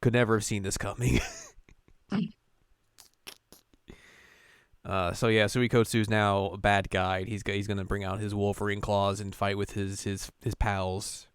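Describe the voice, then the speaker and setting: Young male co-host, deadpan recap, dry close sound. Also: fairly low pitch, moderate pace, clear, resonant tone, dry recording. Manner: jokey, deadpan, acts out lines. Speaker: podcast co-host. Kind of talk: casual chat recapping an episode.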